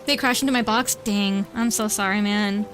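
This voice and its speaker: A woman's voice: mid-range voice, steady tone, normal speed, a bit bright, soft background music. A young woman streaming at home, chatting casually with viewers while she draws and cooing at her cat. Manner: bubbly, chatty, coos baby talk at her cat. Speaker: vtuber streamer. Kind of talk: casual livestream chat while drawing. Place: home room.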